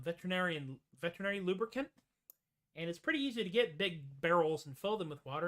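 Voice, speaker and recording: A woman hosting a comedy music show, rambling wryly between songs with quick tangents and asides. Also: on the low side, a bit bright. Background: guitar.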